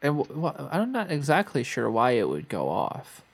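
A man co-hosting a podcast, casually retelling movie scenes with halting, stammering delivery. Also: mid-range voice, wildly swooping pitch, creaky, no room sound. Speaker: podcast co-host.

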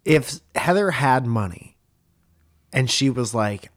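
A man's voice: medium pitch, lively intonation, moderate pace. A man co-hosting a podcast in casual chat, dry and teasing in his humor. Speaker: podcast co-host.

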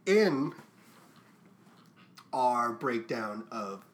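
A man's voice: mid-range voice, animated, drawn-out words. Rambling young man on a podcast. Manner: rambling, swearing, many fillers. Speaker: podcast co-host. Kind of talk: casual podcast chat.

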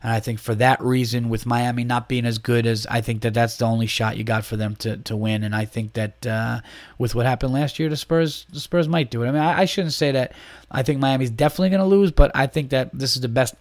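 A man's voice: medium pitch, steady tone, a little fast, no echo. A man hosting a podcast, ranting bluntly about basketball with a lot of swearing and restarts. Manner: blunt, profane, opinionated, with many restarts. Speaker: podcast host. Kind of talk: casual sports rant.

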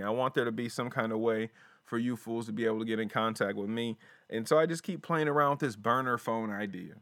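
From a small closet studio, a man hosts a solo podcast, chatting casually and rambling in profane slang. His voice is mid-range, and the recording has no echo.

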